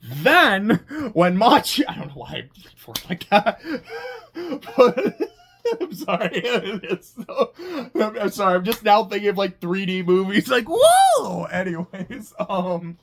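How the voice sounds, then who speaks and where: A casual anime reviewer rants in a loose, conversational voice, swearing freely and tripping over repeated words. The delivery is animated, jumping between exasperation and quick asides. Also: medium pitch, a little hiss or hum. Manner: animated, swearing, stammering restarts, laughing asides. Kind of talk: casual chat.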